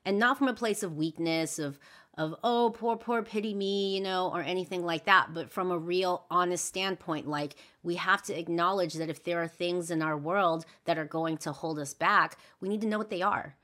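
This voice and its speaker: A young adult woman speaks in a notably low register, hosting her own podcast. She talks candidly and earnestly, circling back with fillers and restarts as she reflects out loud. Her tone is an unscripted monologue. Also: moderate pace. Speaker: podcast host.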